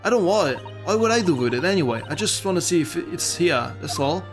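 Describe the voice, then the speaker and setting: A man's voice: on the high side, animated, brisk, over music. A man putting on a blunt young London street girl. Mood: pleading. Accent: put-on working-class English. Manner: rough, slangy speech.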